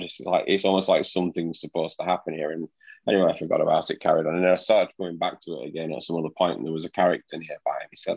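A man's voice: deep voice, fairly even intonation, racing, vocal fry, darkish tone, slightly rough, low-quality recording. A man co-hosting a gaming podcast, telling stories in a chatty, casual way. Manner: storytelling, chatty. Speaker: podcast co-host. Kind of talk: casual chat.

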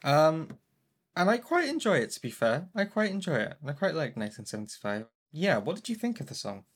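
A woman's voice: low voice, very animated, fairly quick. A woman co-hosting a podcast in casual chat, rambling and self-mocking, prone to going off on tangents. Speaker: podcast co-host.

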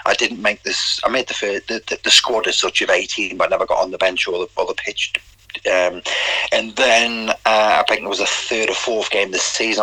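Low-pitched Geordie ex-footballer spinning yarns. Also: male voice, bright, forceful tone, slightly rough, no echo, low-quality recording. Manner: rambling anecdotes with quoted dialogue and restarts. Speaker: guest, former footballer. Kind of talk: casual interview storytelling.

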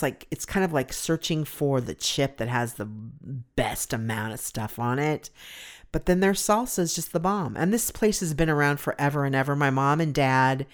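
A middle-aged woman from California hosting a solo podcast, rambling and gushing with emotion about a favorite food. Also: extremely low pitch. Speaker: podcast host. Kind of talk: casual solo podcast chat.

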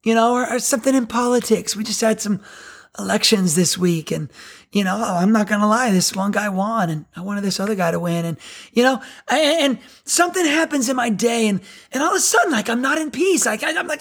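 A middle-aged woman pastor giving a sermon in a chatty, animated, self-deprecating way. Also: a little high, brisk, breathy edge.

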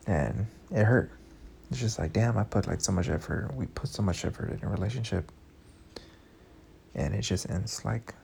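Speaking with a lowish, warm voice touched by vocal fry, a young man hosting a podcast opens up emotionally about his breakup. He swears frequently in this candid, casual story, and there's slight background noise.

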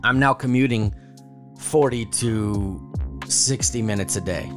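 A man in casual podcast chat who tells his stories with plenty of swearing. His pitch leaps high whenever he acts out a quote. Faint music plays underneath. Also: measured pace. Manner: animated storyteller, jumps high when acting out quotes; swears freely. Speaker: podcast co-host.

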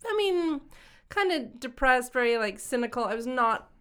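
A woman's voice: sits high, lively intonation, moderate pace, fairly bright tone, clear, resonant tone. A young adult woman co-hosting a podcast, chatting casually and hedging a lot with "like" and "um". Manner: rambling, hedging with lots of "like" and "um". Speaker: podcast co-host. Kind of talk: casual chat.

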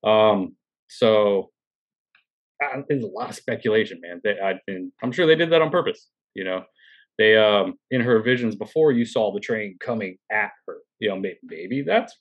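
A man with a lowish voice co-hosts a podcast, chatting loosely about a TV episode. He hedges and trails off, padding his thoughts with fillers as he works them out aloud. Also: lively intonation, normal speed, dull audio. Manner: hesitant, many fillers and trailing phrases. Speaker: podcast co-host. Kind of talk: casual discussion of a TV episode.

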